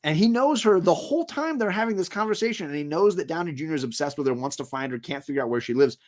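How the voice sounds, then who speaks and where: A man co-hosting a casual movie discussion, telling scenes with lively energy and acting out lines in quick voices. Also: a little high. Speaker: co-host of a movie discussion show. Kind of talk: casual film chat.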